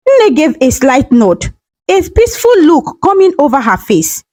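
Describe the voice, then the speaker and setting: Lady reading a sad folktale, soft and emotional, lots of pitch movement. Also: big pitch swings, moderate pace, no echo, rough recording. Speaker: storyteller. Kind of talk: scripted narration.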